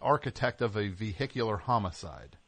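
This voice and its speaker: A man's voice: fairly low pitch, expressive, a little fast, fairly bright tone, no room sound. A man hosting a comedic radio call-in show, sarcastic and mock-scolding with callers, rambling through fillers. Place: radio studio.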